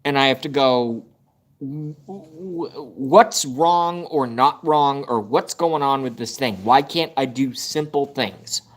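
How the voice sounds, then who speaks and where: A man's voice: medium pitch, a little slow, few pauses. Guy ranting on his phone livestream, fed up and cursing, regular mid voice. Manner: frustrated, swearing, ranting. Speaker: livestream host. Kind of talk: casual live-stream rant. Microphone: phone camera at arm's length.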